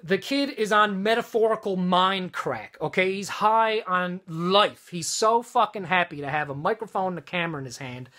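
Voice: medium pitch, moderate pace, few pauses, a bit bright. A vlogger ranting to camera from a room at home, heated and swearing, often restarting sentences. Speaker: vlogger and wedding studio owner. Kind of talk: angry profane rant to camera.

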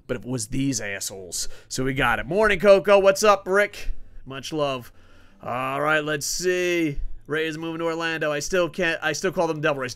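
A man's voice: fairly high pitch, a bit bright, dry recording. A man live-streaming a football video game, talking casually and profanely while chatting with his viewers. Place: home streaming room in Japan.

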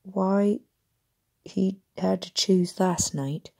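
A woman voicing a brisk, gruff wizard official. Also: mid-range voice, dark tone, pitched above the performer's own voice, heavily acted. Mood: apologetic. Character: gruff harried middle-aged wizard official, a talking head.

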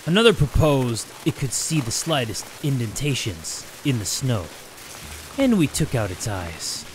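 An actor playing a creepy, cryptic male passenger in a horror game, speaking in a slow, solemn, ominous way. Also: mid-range voice, very animated, a little hiss or hum.

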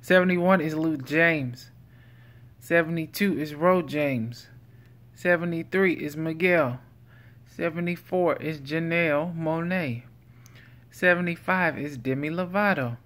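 A man vlogging, reading out a numbered list slowly and deliberately, with playful silly asides. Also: on the high side, a bit bright.

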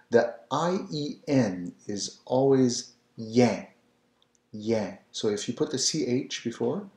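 A man teaching French pronunciation, repeating each word slowly and patiently for the learner. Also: fairly low pitch, lively intonation, a little mellow. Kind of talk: slow, patient pronunciation lesson. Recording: echoey room.

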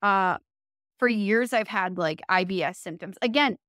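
A woman guest on an interview, telling her story in a loose, chatty way and restarting her sentences as she goes. Her voice sits at an ordinary middle pitch. The sound is dry and close, with no room echo. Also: measured pace, fairly bright tone. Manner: chatty, frequent fillers and self-corrections, laughs often. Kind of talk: casual conversational storytelling.

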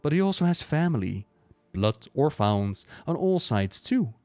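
A man's voice: fairly high pitch, big pitch swings, unhurried, dark tone, dry recording, soft background music. A man voicing a proud, airy dragon lord in disguise. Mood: musing. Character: proud male dragon in mortal guise, airy.

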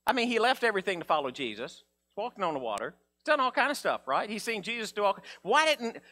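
A man preaching a sermon in a casual, conversational way, acting out Bible figures in a low mumble. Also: sing-song, fast talker, pushed and bright. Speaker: pastor.

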